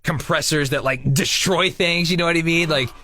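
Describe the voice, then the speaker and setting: A man's voice: a little high, normal speed, pushed and bright, no room sound, studio quality. A man in his thirties co-hosting a radio show, rambling casually with many fillers. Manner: rambling, lots of filler likes. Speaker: radio co-host. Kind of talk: casual studio chat.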